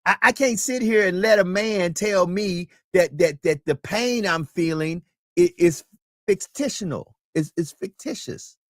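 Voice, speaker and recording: A man hosting a live talk show delivers commentary with preachy conviction, building to near-shouting emphasis. His voice sits on the higher side, and the recording is dry and close, with no room sound. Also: unhurried, no room sound. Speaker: host.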